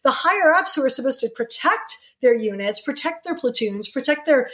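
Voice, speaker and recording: A middle-aged woman answering interview questions with fervent indignation, her pitch jumping sharply when she presses a point. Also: expressive, a little fast, a bit bright. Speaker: guest.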